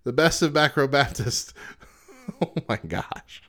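A man's voice: mid-range voice, expressive, unhurried, fairly bright tone. A man co-hosting a podcast in casual chat, joking, laughing often and going off on tangents. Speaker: podcast co-host.

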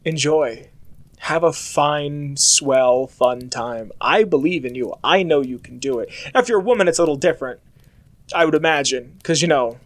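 A man's voice: on the high side, moderate pace, no echo. A young American man in casual, rambling monologue, talking chattily with lots of filler words. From United States.

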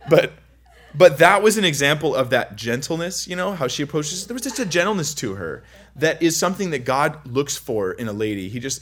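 A man's voice: mid-range voice, a bit bright. Chatty young man teaching Scripture. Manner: chatty, anecdotal, self-interrupting. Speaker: preacher. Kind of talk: casual Bible teaching.

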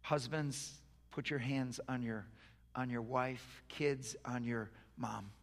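A man leading a sermon's closing prayer, moving from hushed, tender prayer to loud, forceful proclamation. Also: mid-range voice, steady tone, takes it slowly, big-room sound. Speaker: pastor. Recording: live sermon with music behind. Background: soft worship music.

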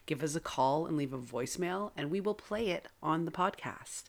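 Promo read: woman with a lowish voice, coaxing and sing-song. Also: lively intonation, normal speed, hardly any pauses. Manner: pleading, sing-song appeal to listeners. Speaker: podcast announcer.

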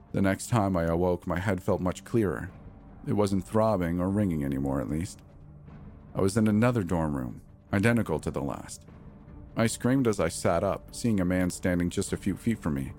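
Male horror narrator, very low voice, measured and tense delivery. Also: animated, a little mellow, soft background music. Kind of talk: scripted first-person horror narration.

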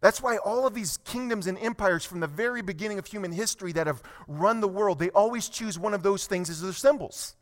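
Pastor, male, higher register, sermon delivery: slow scripture reading, emphatic teaching. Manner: reads scripture slowly, then preaches with rising emphasis.

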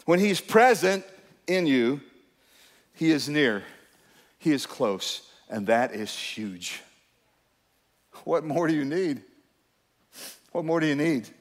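A man's voice: fairly high pitch, animated, takes it slowly, long pauses. Preaching man in a reverberant church. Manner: emphatic preaching, urging the congregation to respond. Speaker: pastor. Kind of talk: sermon.

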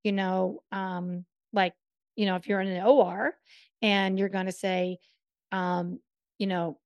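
A woman co-hosting a conversational podcast, with a mid-height voice and a dry, close sound. She talks quickly and with emphasis, often breaking into a laugh. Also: medium pitch, level tone, a little mellow, smooth, no echo. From northern US. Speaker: podcast co-host. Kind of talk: casual chat.

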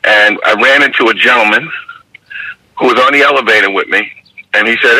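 Bright, husky New York man, measured. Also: mid-range voice, dry recording, rough recording. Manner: measured, repeats "you understand?". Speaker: guest, basketball referee mentor. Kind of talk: reflective interview storytelling.

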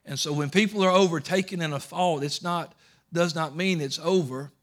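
A man preaching a sermon, swinging between loud emphatic peaks and low soft storytelling, often repeating words and restarting. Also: normal speed. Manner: rising to loud emphatic peaks, then dropping low and soft while retelling scripture.

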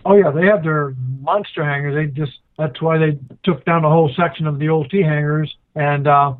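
A man's voice: fairly high pitch, steady tone, moderate pace, dry recording. A man co-hosting a casual radio talk show, explaining things in a matter-of-fact way. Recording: tinny phone-like line.

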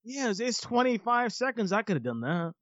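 A man co-hosting a casual movie watch-along, animated and swearing casually, quick to laugh. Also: high voice, dry recording, muffled recording. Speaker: podcast co-host.

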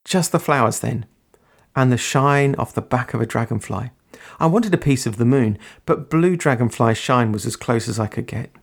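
A man reading a gentle, teasing young man. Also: mid-range voice, normal speed, gravelly. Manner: gentle, soft-spoken. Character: young man narrating his own tale, gentle and teasing.

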